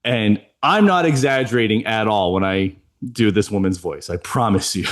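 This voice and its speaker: A man's voice: on the low side, moderate pace. A man co-hosting a podcast, telling a chatty story and laughing often. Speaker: podcast co-host. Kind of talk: casual chat.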